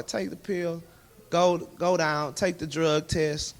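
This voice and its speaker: A man, a guest in a candid interview, telling his personal testimony and acting out dialogue in lively voices. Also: fairly high pitch, slow pace. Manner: animated storyteller who acts out dialogue in other voices.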